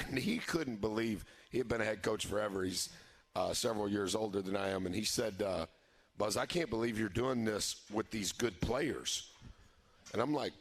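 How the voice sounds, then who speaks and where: A man, a head basketball coach, telling an animated story on a radio show, chuckling often and jumping up in pitch when he quotes himself. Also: moderate pace, gravelly, breathy edge. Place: live broadcast from a barbecue restaurant.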